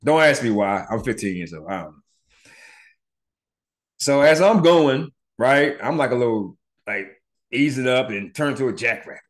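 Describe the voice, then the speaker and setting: A man's voice: mid-range voice, normal speed. A middle-aged man hosting a podcast, telling a personal story in a casual, profane way and acting out the voices of the people in it. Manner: animated, profane, acts out voices in his retelling. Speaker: podcast host.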